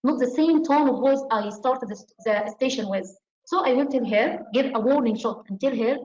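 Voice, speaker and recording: A methodical woman tutor walks through an exam-prep lecture step by step, her voice sitting a little high. The sound is dull and lo-fi, with a roomy echo around her. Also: normal speed, a little mellow. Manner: methodical, step-by-step instruction, acting out doctor lines. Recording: echoey room, dull lo-fi sound.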